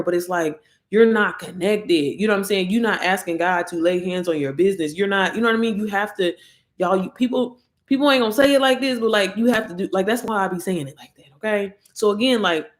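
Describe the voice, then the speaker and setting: Chatty woman talking to her viewers. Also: mid-range voice. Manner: chatty, addresses viewers as y'all, girl and baby; reads out affirmations. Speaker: livestream host. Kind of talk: casual livestream chat.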